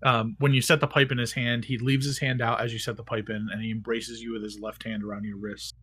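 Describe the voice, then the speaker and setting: A man's voice: mid-range voice, level tone, quick pace, fairly bright tone, a little hiss or hum. A man narrating casually as game master, rambling with lots of fillers and restarts.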